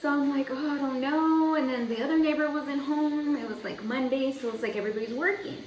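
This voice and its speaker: A woman's voice: high voice, quick pace, a little mellow, a little hiss or hum. Chatty young woman in an echoey room. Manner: chatty, rambling, heavy use of "like". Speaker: vlogger. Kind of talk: casual storytelling. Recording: echoey room, mic at a distance.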